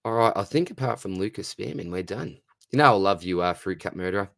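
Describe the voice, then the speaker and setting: A man's voice: deep voice, lively intonation, fast talker, vocal fry, fairly bright tone, no room sound, studio quality. A man with an Australian accent hosting a casual live stream Q&A, reading out chat questions and answering them in a friendly, matey way.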